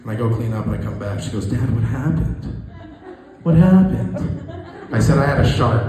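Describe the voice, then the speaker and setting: A man in his thirties doing a stand-up comedy set in a small room, talking in a halting, self-deprecating way with many restarts. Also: medium pitch, a little mellow. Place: small room with a live audience. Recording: echoey room recording. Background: audience laughter.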